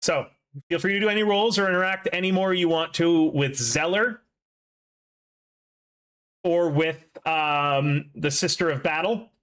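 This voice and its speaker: A man narrating a tabletop game as its game master. His voice sits a bit high, and he talks in a chatty, loose way with frequent laughs and asides. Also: a bit bright, clean tone.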